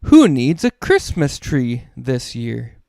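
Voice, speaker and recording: Man, dad reading kids' books, playful sing-song read-aloud, slow and lively, dry close sound. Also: medium pitch, vocal fry, dry recording. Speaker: children's book reader. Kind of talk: read-aloud storytelling for kids.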